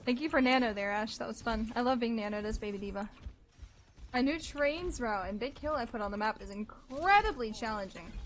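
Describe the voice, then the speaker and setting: A young woman livestreaming a game, her voice sitting a bit high. She chats loosely with viewers, reads their messages aloud and teases the players she fights. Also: animated, a little fast, slight background noise. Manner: playful and teasing, reads chat aloud and cheers during fights. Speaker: streamer. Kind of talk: casual gameplay chat with viewers.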